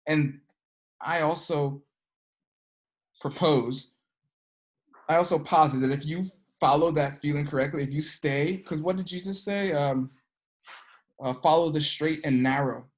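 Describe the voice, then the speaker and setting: In an unhurried delivery with frequent pauses, an energy work teacher chats through a casual class, leaning on "like" and "you know" and acting out story characters with sudden pitch jumps.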